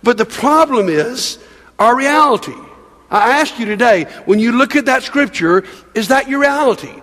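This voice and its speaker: A man's voice: very high voice, lively intonation, normal speed, fairly bright tone. An older man, a pastor with grandchildren, preaching a sermon in a conversational way, asking the congregation questions and repeating words as he goes. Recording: long reverb of a large hall.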